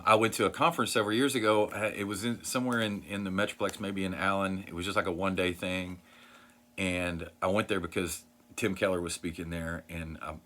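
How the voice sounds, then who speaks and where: Brief: low-voiced man, earnest video host, rambles a bit with lots of ums. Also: a bit bright, a little hiss or hum. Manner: earnest, rambling, many fillers and restarts. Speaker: Christian vlogger sharing book recommendations. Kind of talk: casual talk to camera.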